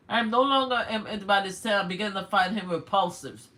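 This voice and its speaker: An older woman from Brooklyn with a New York accent, hosting a casual livestream where she reads texts aloud and reacts loudly with swearing and laughter. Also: medium pitch, brisk. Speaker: livestream host.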